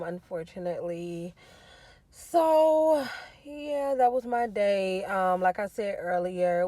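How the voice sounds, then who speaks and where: A woman's voice: mid-range voice, dark tone. A woman vlogging casually and venting her frustration with lots of swearing. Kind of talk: casual vlog check-in. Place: tire shop, then hotel.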